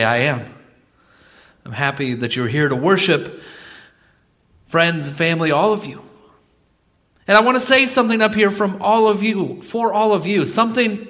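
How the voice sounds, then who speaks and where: A middle-aged male pastor preaching a sermon in a church, swinging between loud exclamations and soft asides. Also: sits high. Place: church sanctuary.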